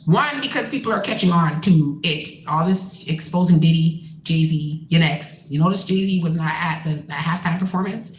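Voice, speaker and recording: A woman from Canada, a musician hosting her own show, ranting in a blunt, profane and animated way. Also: fairly low pitch, moderate pace, few pauses, echoey room, poor audio. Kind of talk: casual rant.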